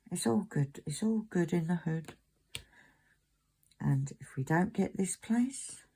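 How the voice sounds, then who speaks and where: A woman's voice: low voice, creaky, mellow, a little hiss or hum, rough recording. A middle-aged woman, chatting casually and rambling to camera in a vlog. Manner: chatty, rambling, with many fillers. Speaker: vlogger.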